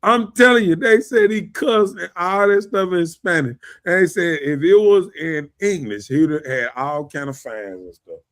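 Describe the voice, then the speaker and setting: A man, hosting a podcast in casual opinion talk, animated, often asking "you know what I'm saying" and laughing. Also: high voice, moderate pace, hardly any pauses. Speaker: podcast host.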